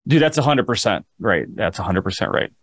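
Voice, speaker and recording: A man's voice: lowish voice, animated, a little fast, dry recording, clean studio sound. A man hosting a podcast, talking in an enthusiastic, rambling casual chat. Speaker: podcast host.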